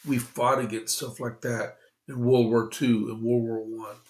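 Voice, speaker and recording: A man hosting a conservative news podcast, talking slowly with many fillers and restarts while congested, reading from opinion pieces. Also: medium pitch, little pitch movement, echoey room. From Texas. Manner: slow, halting, with frequent fillers and restarts. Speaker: podcast host.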